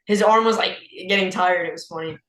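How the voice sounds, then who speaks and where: A sixteen-year-old boy, a blues guitarist, chatting casually in an interview with relaxed, repeated restarts. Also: high voice, a little fast, roomy sound, low-quality recording. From United States. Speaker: young blues guitarist, guest.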